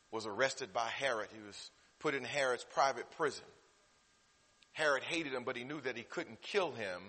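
A man preaching a sermon, dropping to hushed low passages and then building to loud, emotional peaks. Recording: long hall reverb.

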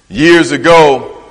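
A man's voice: on the high side, fairly bright tone, breathy edge. A middle-aged man preaching a sermon emphatically, his delivery rising and falling, with a Black vernacular flavor. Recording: long hall reverb.

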